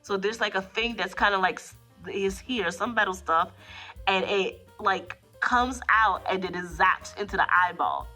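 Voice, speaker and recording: A woman giving a rambling, casual movie recap, full of fillers and quick acted-out quotes. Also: medium pitch, bright, forceful tone, soft background music. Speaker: movie reviewer. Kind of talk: casual spoken plot recap.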